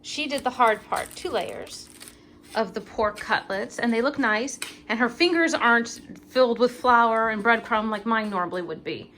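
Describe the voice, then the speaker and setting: A woman's voice: fairly high pitch, normal speed, a bit bright, slight background noise. A woman chatting casually while cooking with her mother, rambling a little with fillers as she explains each step. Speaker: home cooking vlogger. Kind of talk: casual cooking vlog chat. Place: kitchen, then outdoor backyard kitchen.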